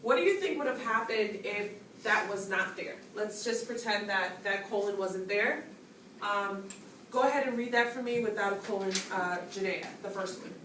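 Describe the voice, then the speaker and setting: In an echoey classroom recorded from a distant mic with background noise, a woman with a mid-range voice teaches grammar at a moderate pace. She explains points instructively and asks questions, calling on students by name.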